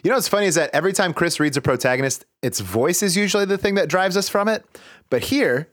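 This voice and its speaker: A man's voice: high-pitched, expressive, quick pace, a bit bright. A man co-hosting a comedy podcast, trading wry jokes in casual banter. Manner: wry, joking. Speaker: podcast co-host.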